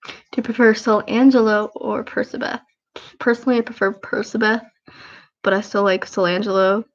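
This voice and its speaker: A tired, sniffly woman in her 20s rambles through casual livestream chat in a low-key, self-deprecating way, her voice gravelly and creaky. She speaks in a level tone at a moderate pace, and the audio is dull and lo-fi.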